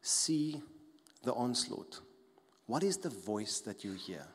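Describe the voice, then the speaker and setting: A man preaching a church sermon, his mid-pitched voice ringing with long reverb through the hall. He repeats phrases with emphasis and lets some lines fall quiet for weight. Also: lively intonation, takes it slowly, breathy edge. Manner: emphatic, repeats key phrases, drops soft for stress. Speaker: pastor.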